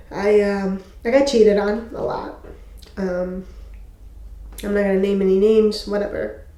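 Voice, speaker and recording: A woman's voice: medium pitch, flat delivery, mellow. Earnest woman sharing a testimony, echoey room. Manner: emotional, halting, earnest. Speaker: faith video host. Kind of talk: personal testimony to camera.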